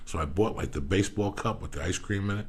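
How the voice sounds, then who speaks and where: A middle-aged man telling profane comic stories as a podcast guest, gravelly and prone to loud bursts. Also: low voice, fast, a little hiss or hum.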